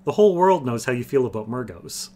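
A man's voice: mid-range voice, big pitch swings, brisk, dark tone. A man voicing a shrewd, ferret-eyed male rogue with a sly, bantering manner.

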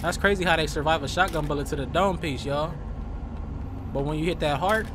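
A man giving loud, joking let's play commentary, trash-talking the enemies in his game. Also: a little high, a little fast, noisy background. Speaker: gaming streamer.

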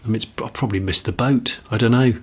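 A man co-hosts a podcast, chatting casually at a quick pace in a slightly rough, mid-range voice. He muses and rambles, frequently restarting his sentences.

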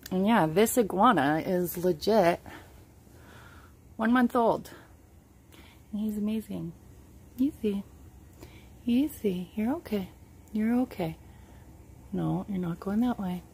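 A woman's voice: medium pitch, unhurried, pauses often, a little mellow, slight background noise. A woman filming a casual vlog at home on a handheld camera, chatting to viewers and cooing to her pet. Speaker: reptile keeper vlogger. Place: home bedroom.

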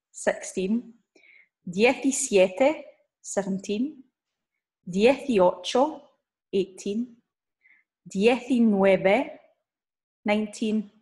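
A woman teacher giving a recorded online lesson, drilling numbers slowly and checking in with "okay?" as she explains. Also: mid-range voice, a little mellow. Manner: slow, drawn-out drill of numbers with frequent "okay?" check-ins. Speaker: language teacher.

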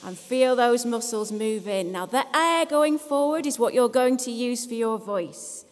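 An English speech therapist leads a seated audience through posture, breathing and sound exercises in a live workshop. Brisk and encouraging with some self-deprecating humour, she speaks expressively in a fairly high voice that echoes through a hall with long reverb.

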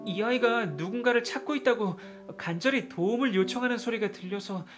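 A voice actor playing a gentle, childlike boy doll who speaks softly, over game music. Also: medium pitch, very fast, lightly acted. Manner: soft, apologetic. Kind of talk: game voice acting.

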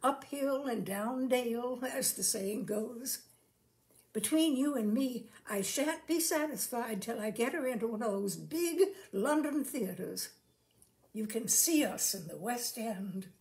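A woman's voice: on the high side, lively intonation, slow pace, a little mellow. A woman voicing a shy, polite young man who travels as a showman, speaking in rustic, folksy turns of phrase.

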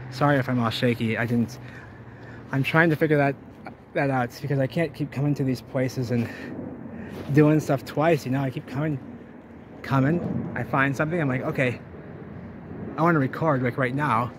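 Rambling excitable man filming outdoors. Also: mid-range voice, moderate pace, pauses often. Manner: excitable, rambling, thinks aloud. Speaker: vlogger exploring ruins. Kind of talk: casual exploring vlog. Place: outdoors by ruins and a river. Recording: noisy outdoor camera audio.

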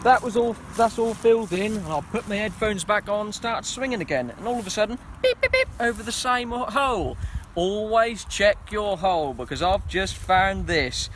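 A man, host of a metal detecting vlog, spinning deadpan tall tales in jokey banter out in a field. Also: high-pitched, normal speed, background noise. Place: open field outdoors.

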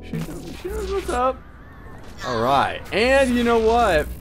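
A man hosting a gaming channel, giving let's-play commentary on a game he is playing. He gets excited easily, yelps, and laughs at what happens on screen. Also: very high voice, slow. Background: game music and sounds.

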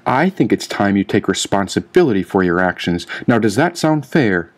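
A man reading the part of a cold, persuasive masked villain who lectures calmly in an audiobook. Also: on the low side, normal speed. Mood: smooth, lecturing. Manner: calm, smooth, lecturing. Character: cold persuasive male villain in a golden mask.

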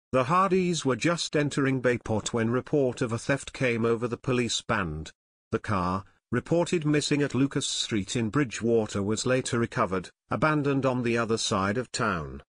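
A man reading an unabridged audiobook aloud as its narrator, in steady scripted narration. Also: medium pitch, dry recording.

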